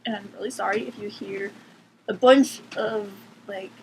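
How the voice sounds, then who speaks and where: In a rough recording, a teenage girl sits in her bedroom at home and rants to camera for her vlog, her mid-range voice fairly even in intonation, normal in speed, a little mellow, with vocal fry. She swears freely, sounds sarcastic, and says "like" constantly as cats make noise behind her.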